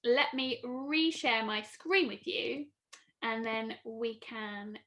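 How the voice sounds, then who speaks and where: A woman teacher reads a storybook aloud and then sets the day's tasks for children in an online lesson. Her voice is high and sing-song, with wide swings in pitch. She speaks slowly and clearly, into a computer microphone. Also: a bit bright. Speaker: primary school teacher.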